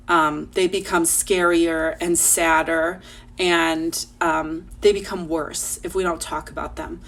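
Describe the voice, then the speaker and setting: A young woman teacher reading aloud and talking gently to young children at home. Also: fairly low pitch, slight background noise.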